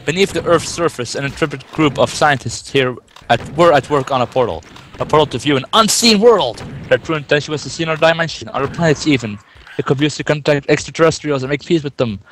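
A man's voice: fairly high pitch, quick pace, fairly bright tone, slight background noise. A young man reading fan fiction aloud in a casual way, breaking off with amused, laughing asides. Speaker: reader.

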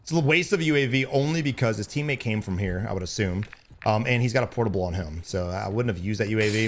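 A young man giving blunt, profane gameplay commentary as a streamer, breaking into loud excited bursts. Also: mid-range voice, slight background noise. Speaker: gaming streamer.

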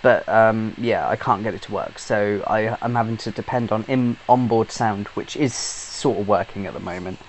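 A man's voice: on the low side, moderate pace, few pauses, slight background noise, low-quality recording. A British man, a YouTube gamer, giving a casual rambling update, chatty and swearing freely with lots of fillers and restarts. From Britain.

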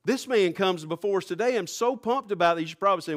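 A male pastor preaching a sermon, rising fervently to near-shouts. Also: high-pitched, lively intonation, fairly quick, hardly any pauses.

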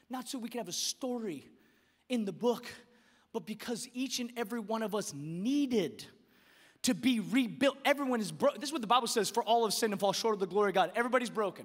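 A man preaching a sermon as pastor, impassioned, dropping to a hush and then rising to shouts, with quick repeated words. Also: very high-pitched, animated, in a large hall. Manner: impassioned preaching, swinging between hushed and shouted.

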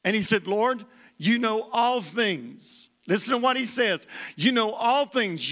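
High, bright-voiced preacher man. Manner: preaching with call-and-response, repeating words for emphasis. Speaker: guest preacher. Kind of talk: sermon. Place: church sanctuary.

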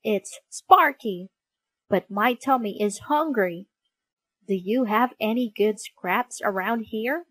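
A woman's voice: medium pitch, slow pace, fairly bright tone, dry recording. A woman voicing a curious, hungry young male dog in a children's storybook, earnest and a little nervous.

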